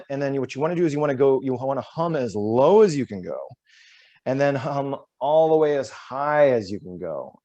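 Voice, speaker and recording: Male workshop presenter, mid-pitched, relaxed and self-deprecating, demonstrating vocal drills on a video call. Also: muffled recording. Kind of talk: voice warm-up demonstration.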